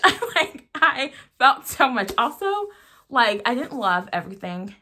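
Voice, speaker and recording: A woman's voice: fairly high pitch, sing-song, measured pace, sharp tone. A young woman reviewing her favorite books in a casual vlog, gushing and giggling, with lots of "like" and "oh my gosh". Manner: gushing, giggly, heavy use of "like". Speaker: book vlogger.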